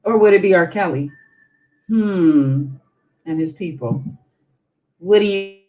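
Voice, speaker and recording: A woman's voice: on the low side, slow pace, a little mellow, poor audio. Chatty woman hosting a late-night live stream. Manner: chatty, musing, reads news aloud with asides. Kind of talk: casual live-stream commentary.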